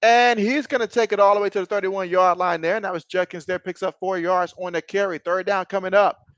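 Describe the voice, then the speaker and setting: A man in his thirties hosting a casual live stream, calling football plays and reading viewer chat aloud, reacting loudly to big plays. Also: high voice, fairly even intonation, fairly quick, dry recording, highs cut off. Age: 30s. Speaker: live-stream sports host.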